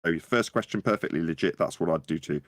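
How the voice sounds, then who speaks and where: Low-voiced man in animated chat. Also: quick pace, dry recording, studio quality. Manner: animated storytelling, acts out quotes in a high voice. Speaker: podcast panelist. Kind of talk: casual chat.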